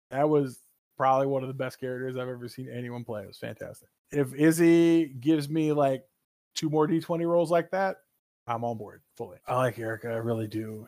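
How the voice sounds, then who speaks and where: A man co-hosting a gaming podcast in casual chat, animated and opinionated, swearing freely. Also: medium pitch, no room sound. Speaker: podcast co-host.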